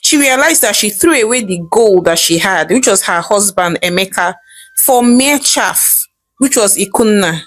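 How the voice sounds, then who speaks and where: A woman narrating a folktale in an expressive, measured storytelling manner. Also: mid-range voice, low-quality recording.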